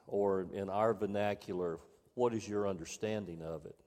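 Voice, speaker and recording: A man preaching a sermon to his congregation, reading scripture aloud and repeating key phrases for emphasis in a measured way. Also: lowish voice, darkish tone, in a large hall. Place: church sanctuary.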